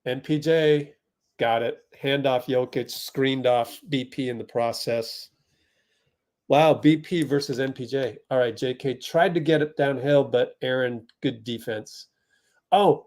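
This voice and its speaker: A young man from the Bay Area hosts a fan watch party, offering chatty live play-by-play that surges with excitement whenever there's a big play. His voice is a little high.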